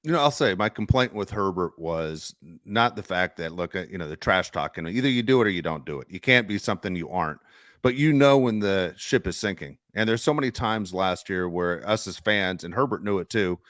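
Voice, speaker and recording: A man's voice: fairly low pitch, animated, brisk, fairly bright tone, no echo, studio quality. A man co-hosting a sports podcast, giving his opinions emphatically and talking straight to his listeners. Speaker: podcast co-host. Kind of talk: casual sports talk.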